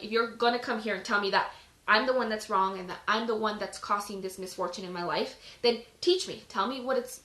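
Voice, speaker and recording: A woman with a bright, medium-pitched voice hosts a casual Bible reading on a live stream from her phone, in a roomy, echoing space. She sounds out of breath and pauses between passages to chat about them loosely, leaning heavily on "like".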